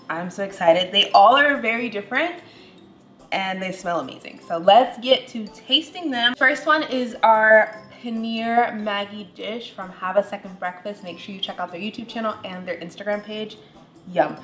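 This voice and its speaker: A woman's voice: medium pitch, a bit bright. Bubbly young woman cooking vlogger. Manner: bubbly, enthusiastic, tasting aloud. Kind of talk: casual cooking vlog.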